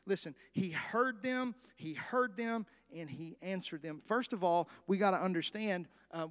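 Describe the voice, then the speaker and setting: A man preaching with a high-pitched voice. He is animated, acts out the story with little voices, and keeps asking the congregation questions. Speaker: pastor. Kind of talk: sermon.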